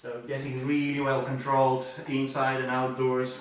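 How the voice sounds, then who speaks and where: A man working as a dog trainer talks slowly through a live demonstration, firing off short commands and praising often. He sounds far from the microphone, in a very echoey space. Clear background noise runs under his voice. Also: medium pitch, monotone. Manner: short firm commands mixed with frequent praise.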